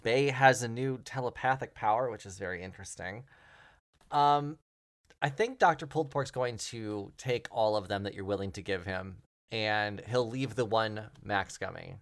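A man's voice: fairly low pitch, moderate pace. Hesitant game master man. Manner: hesitant, filler-heavy narration. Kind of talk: narrating a tabletop game.

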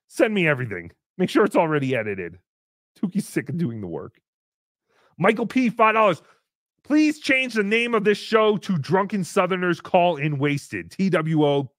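Man playing a bratty puppet host: high swooping voice, crude sarcastic stream banter, dry close sound. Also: fairly bright tone, no room sound, heavily acted. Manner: sarcastic, crude, mock-outraged asides. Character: brash foul-mouthed male puppet show host. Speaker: livestream host reading paid messages. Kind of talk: live-stream character chat.

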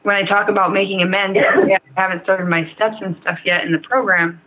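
A young woman speaks candidly as a guest, her story tumbling out in loose, rambling sentences full of "like" and "um". Her voice sits in an ordinary middle pitch. It comes through a narrow, tinny remote-call connection from her computer. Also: little pitch movement, a little fast. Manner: rambling, frank, heavy use of "like" and "um". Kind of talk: candid personal story in an interview. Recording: tinny phone-like line.

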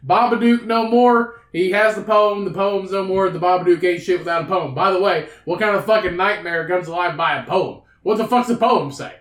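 A man with a fairly high voice rambles through a crude, profanity-laced story in casual podcast chat. His voice rings in a roomy, echoey space. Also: a little fast, hardly any pauses. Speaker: podcast co-host.

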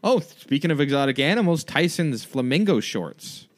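A man co-hosting a podcast in casual chat, joking and quick with trivia. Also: a little high, animated. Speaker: podcast co-host.

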